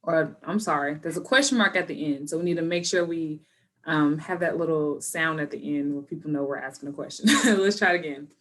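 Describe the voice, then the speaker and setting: A woman's voice: low-pitched, fairly quick. A woman teacher giving a recorded grammar lesson to students and families, patient and laughing at her own stumbles.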